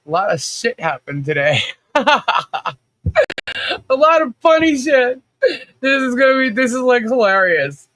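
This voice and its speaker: A woman hosts a casual livestream, bubbly and rapidly greeting chat viewers by name one after another. Her voice is low enough that people often take it for a man's, though slightly bright, and there's no echo.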